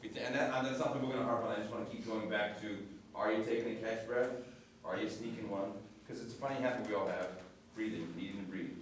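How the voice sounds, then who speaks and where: A man's voice: fairly low pitch, fairly even intonation, quick pace. A man coaching a chorus, giving instructions and checking in with the singers with a frequent "right?". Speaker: vocal coach. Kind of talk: choir coaching session. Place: rehearsal room with a chorus. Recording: echoey room, distant mic, noisy.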